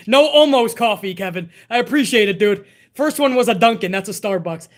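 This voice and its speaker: A man's voice: high voice, lively intonation, a little fast, hardly any pauses, a bit bright. Profane, laid-back male stream host. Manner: profane, laid-back banter, reading viewer messages. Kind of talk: casual live-stream chat.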